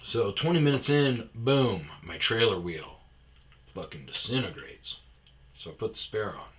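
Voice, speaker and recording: A man with a low, forceful voice tells a story in a loose, casual way. He is animated and swears a lot. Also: unhurried.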